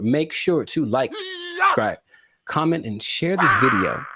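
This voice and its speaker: A man hosting a casual podcast, animated and jokey, with rambling asides. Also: medium pitch, normal speed, breathy edge. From California. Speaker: podcast host and musician.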